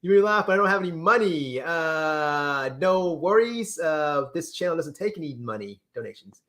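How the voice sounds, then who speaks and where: Man, livestream host, casual chat, lively swooping pitch, excitable. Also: normal speed. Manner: animated, exclaiming, repeats words.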